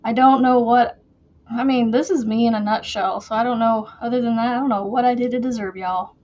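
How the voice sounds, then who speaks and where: A woman's voice: fairly high pitch, fairly even intonation, brisk, a little mellow, dull audio. A woman hosting a casual crochet livestream from her chair at home, chatty and giggly, a bit out of breath as she talks to viewers. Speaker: crochet channel host.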